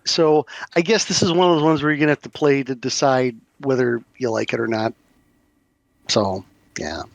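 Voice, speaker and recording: A man's voice: mid-range voice, normal speed, creaky, dry recording, highs cut off. A man hosting a podcast, talking casually and rambling with many restarts. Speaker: podcast host. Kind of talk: casual chat about tabletop games.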